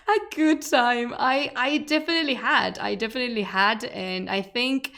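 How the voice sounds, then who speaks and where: A woman's voice: fairly high pitch, moderate pace, creaky, fairly bright tone. Chatty woman streamer. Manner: chatty and laughing, with frequent restarts and fillers. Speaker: streamer, history channel host. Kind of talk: casual live-stream chat to viewers.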